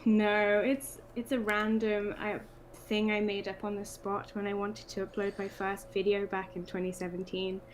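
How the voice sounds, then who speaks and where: A woman's voice: medium pitch, flat delivery, moderate pace, few pauses, poor audio. Young female guest on a livestream, friendly and shy, faint noise behind. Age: young adult. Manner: friendly, a bit shy, laughs often. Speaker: guest artist, art student. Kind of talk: casual video call chat.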